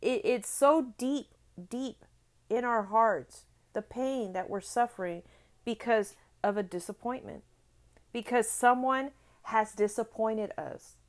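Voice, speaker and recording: Speaking slowly and at a fairly high pitch, a middle-aged motivational speaker delivers a sincere talk. Repeated phrases drive her points home, and she keeps asking "right?" to check in.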